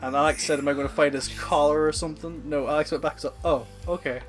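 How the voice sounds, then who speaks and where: A young man co-hosting a casual podcast chat, telling stories with lots of animated quoted lines. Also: a little high, racing, faint music behind. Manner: animated storyteller who acts out quoted lines. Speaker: podcast co-host.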